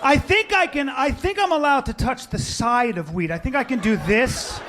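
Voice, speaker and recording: A man's voice: extremely high pitch, normal speed, fairly bright tone, slight background noise. A man doing a stand-up routine full of rambling, self-deprecating asides. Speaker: stand-up comedian.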